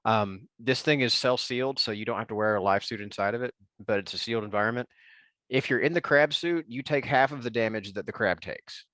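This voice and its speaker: A man's voice: mid-range voice, brisk, a bit bright, dry recording. A man playing a tabletop game, describing his character's gear in a rambling way, full of fillers and restarts. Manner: rambling, filler-heavy with many likes and ums. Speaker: player.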